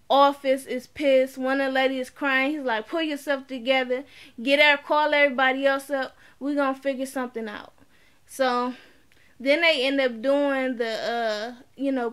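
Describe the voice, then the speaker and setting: A woman with a high voice recaps a TV episode at an unhurried pace. She talks in a loose, slangy way and acts out each character's lines as she goes. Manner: animated, slangy storytelling, acting out quotes. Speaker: TV show reviewer. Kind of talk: casual retelling of a TV episode.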